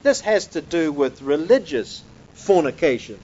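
A man's voice: fairly high pitch, expressive, measured pace, darkish tone, dull audio. A man preaching a conversational, emphatic sermon, often dropping "man" into his lines and shown on slides to a room and online audience. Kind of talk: sermon teaching. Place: church or hall with slides.

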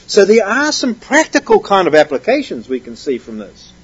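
A man's voice: sits high, wildly swooping pitch, moderate pace, breathy edge, muffled recording. A man preaching a conversational sermon from a Bible passage, often checking in with rhetorical questions.

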